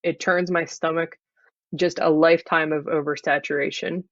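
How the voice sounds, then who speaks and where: Deadpan improv guest on a video call. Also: medium pitch, moderate pace, no echo. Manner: flat, deadpan delivery. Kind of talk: improvised in-character interview. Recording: dull lo-fi video call audio.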